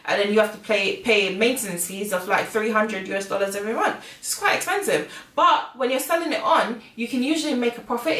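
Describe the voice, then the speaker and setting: A woman's voice: mid-range voice, a bit bright. A woman co-hosting a casual conversation, speaking hesitantly with many fillers and restarts. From United Kingdom. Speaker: co-host. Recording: echoey room, far from the mic.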